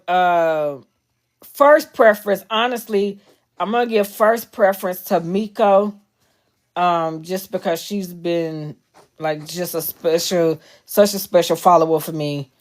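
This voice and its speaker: A woman in casual chat with her followers during a live stream, candid and chatty, swearing freely. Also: fairly low pitch.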